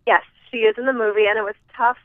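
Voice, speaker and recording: A woman's voice: on the high side, fairly even intonation, fast, no echo. A woman from the American Midwest, a guest chatting casually in an interview, talking in a giggly, chatty way with trailing fillers. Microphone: phone. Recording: tinny phone line.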